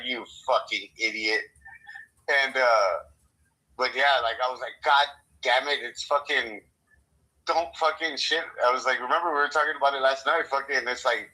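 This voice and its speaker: Young american dude rambling on a podcast, cussing nonstop, bright edgy voice, plays out every line of the story. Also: male voice, mid-range voice, poor audio. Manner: rambling, swears constantly, acts out both sides of his story. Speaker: podcast co-host. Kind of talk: casual chat.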